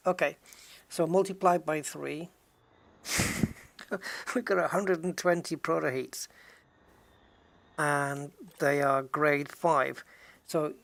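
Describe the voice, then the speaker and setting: A casual game streamer talking through play live, thinking aloud and tallying things up as they go. The delivery is chatty and relaxed, with quick restarts and asides to viewers. The pitch sits in the middle of the range. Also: creaky, no echo. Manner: thinks aloud, counts items and chats with viewers. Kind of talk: live gameplay commentary.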